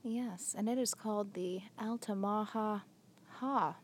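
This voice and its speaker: A woman's voice: mid-range voice, a little slow, a bit bright. Chatty young woman telling a legend. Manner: chatty, giggly storytelling with filler words. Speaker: podcast co-host. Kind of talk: casual podcast chat.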